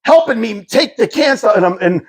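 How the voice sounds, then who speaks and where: Animated husky man telling stories. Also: sits high, a little fast. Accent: Pittsburgh. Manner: animated, laughing, acts out voices in anecdotes. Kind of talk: casual storytelling chat.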